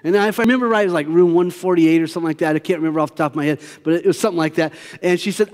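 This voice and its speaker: High-voiced pastor preaching in a reverberant hall. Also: male voice, rapid-fire, hardly any pauses, darkish tone. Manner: conversational, storytelling, emphatic. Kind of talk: sermon. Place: church sanctuary.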